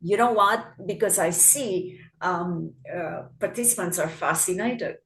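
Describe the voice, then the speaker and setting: A woman hosting an online academic session over a video call, halting and grateful, with many fillers and restarts. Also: fairly low pitch, a bit bright. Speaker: host and event organizer.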